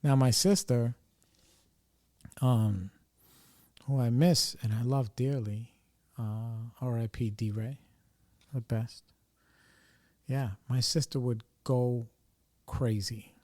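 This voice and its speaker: A man with a warm, mellow voice tells family stories in a loose, rambling way. He stops and restarts often and leans on lots of fillers. The sound is dry and close, with no room around it. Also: medium pitch, fairly even intonation, slow pace, pauses often, dry recording. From New York area. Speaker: podcast host. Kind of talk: casual storytelling.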